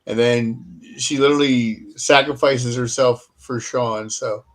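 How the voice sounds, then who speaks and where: A man co-hosting a casual fan podcast, easygoing and agreeable, halting with fillers. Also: medium pitch, fairly even intonation. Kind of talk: casual chat.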